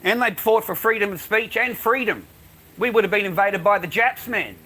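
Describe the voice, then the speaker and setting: A man's voice: high voice, moderate pace, sharp tone, a little hiss or hum. An older Australian man vlogging, rambling in a profane, ranting way and calling the viewer mate. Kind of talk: rambling casual monologue to camera.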